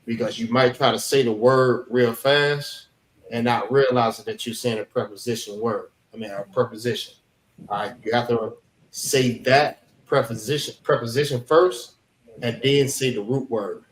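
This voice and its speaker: A man's voice: medium pitch, steady tone, moderate pace, a little hiss or hum. A man teaching an informal class, explaining points patiently, repeating phrases and checking that students follow. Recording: echoey room with faint ambience.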